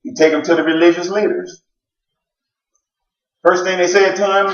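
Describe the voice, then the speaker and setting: A man preaching a sermon, telling the story with jokes and sudden shouted exclamations. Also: sits high, steady tone, normal speed, muffled recording. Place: church sanctuary. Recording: roomy church sound from a distant mic.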